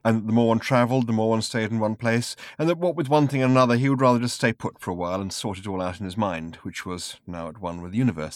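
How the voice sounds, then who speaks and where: A man narrating a story in a dry, measured storytelling voice. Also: on the low side, no room sound. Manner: dry, measured storytelling with varied expressive delivery. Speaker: audiobook narrator. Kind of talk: scripted narration.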